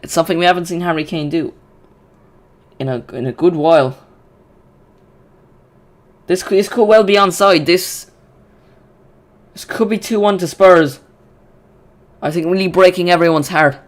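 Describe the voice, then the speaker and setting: Male streamer, slightly high voice, excitable live football watch-along commentary, rambling. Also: a little fast. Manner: excitable, chatty, rambling with restarts.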